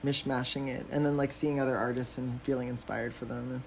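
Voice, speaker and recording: A man's voice: medium pitch, little pitch movement, a little fast, gravelly, slight background noise. A man from Canada, a drag performer, chatting casually as a podcast guest, with many fillers and frequent laughs.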